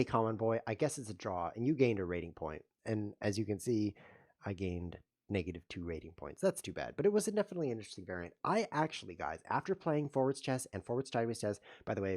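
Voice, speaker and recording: A man hosting his own show, commentating his chess games with playful mock-outrage, muttering one moment and loudly protesting the next. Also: lowish voice, lively intonation, fast talker. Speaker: host. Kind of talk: live chess game commentary.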